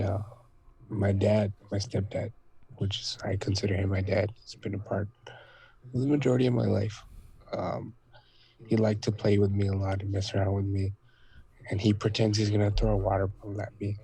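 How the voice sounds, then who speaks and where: A young man telling a personal story in a relaxed, casual chat with friends. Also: on the low side, poor audio. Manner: relaxed, laughing anecdote telling. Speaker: podcast guest.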